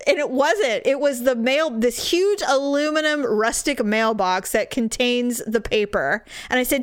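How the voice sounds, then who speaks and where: A woman's voice: a little high, a little slow, hardly any pauses, smooth, no room sound. A woman telling a funny story in casual chat, laughing and acting out the people in it. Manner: animated, laughing, acts out voices in her story.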